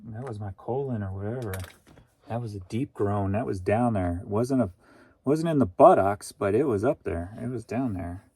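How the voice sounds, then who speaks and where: A man's voice: fairly low pitch, moderate pace, mellow, breathy edge, no room sound. A man who resells online, talking casually to himself while packing orders. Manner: thinking aloud, muttering to himself.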